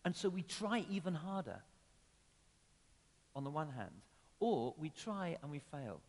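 Speaking at a measured, sing-song pace, a preacher with a slightly higher male voice gives a conversational sermon. Emphatic rises alternate with sudden drops into quiet asides, all echoing with long church-hall reverb.

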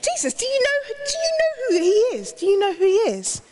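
A woman's voice: very high-pitched, very animated, a little fast, darkish tone, soft background music, pitched above the performer's own voice. A woman voicing a jeering crowd of townspeople, indignant and complaining.

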